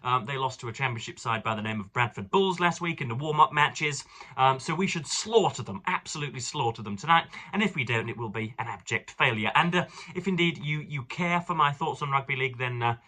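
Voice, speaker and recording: A man's voice: medium pitch, lively intonation, a little fast, sharp tone. A young man from England rambling through a casual book vlog, digressive and fond of elaborate words. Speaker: book reviewer.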